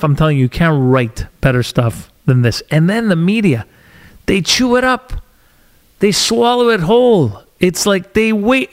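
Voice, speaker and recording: A man's voice: a little high, creaky. Agitated male podcast host ranting. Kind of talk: opinionated podcast monologue. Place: studio.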